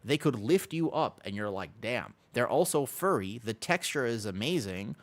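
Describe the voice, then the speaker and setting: Young man, game streamer, lively swooping pitch, rambling casual chat, laughs a lot. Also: moderate pace. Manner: rambling, animated, laughs often, talks to chat. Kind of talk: casual livestream chat while gaming.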